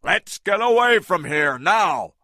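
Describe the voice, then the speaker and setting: A man's voice: sits high, very animated, slow, dry recording, clean studio sound, voice pushed up, exaggerated voice. Engelhorn, a man doing a barking ship captain. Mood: commanding. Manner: loud, curt commands. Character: bossy male ship captain barking orders.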